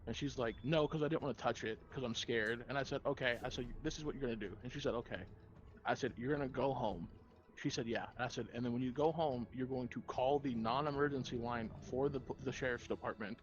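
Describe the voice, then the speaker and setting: A man's voice: mid-range voice, fast talker, highs cut off. A man who works at a gun store, chatting casually on a gaming stream and telling a story by acting out both sides with plenty of swearing. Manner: profane, tells anecdotes by acting out both sides.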